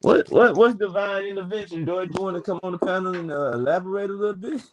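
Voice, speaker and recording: A man's voice: high voice, quick pace, rough recording. A man in his twenties speaking in a casual, rambling storytelling way. He swears freely as he talks. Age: 20s. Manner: wordy, digressive, swears freely. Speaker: panel speaker.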